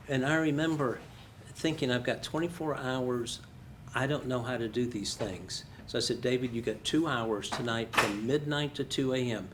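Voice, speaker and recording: Older man telling lively stories. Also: mid-range voice, a little hiss or hum. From United States. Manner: storytelling, animated, self-deprecating humor. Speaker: guest speaker. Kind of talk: career conversation with students.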